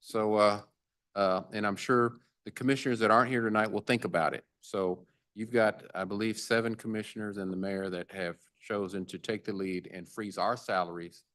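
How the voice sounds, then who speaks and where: A man serving as mayor, chairing a public budget meeting, halting and with jokey banter. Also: on the low side, fairly even intonation, fairly bright tone. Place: government meeting chamber.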